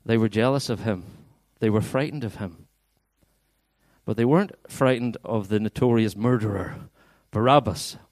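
A man's voice: on the low side, moderate pace, a little mellow, dry recording, clean studio sound. A man preaching as a pastor, playful and coaxing, getting the congregation to act out a Bible story. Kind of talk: interactive sermon with acted-out scripture. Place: church hall.

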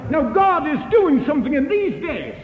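A man's voice: extremely high pitch, very animated, normal speed. A man preaching a storytelling sermon, acting out the voices of the people in his story. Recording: echoey hall, dull lo-fi sound.

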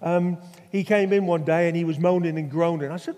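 A man's voice: on the high side, steady tone, brisk, dark tone. An older man from Norfolk, England, preaching a sermon with stories and rhetorical questions. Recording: long hall reverb.

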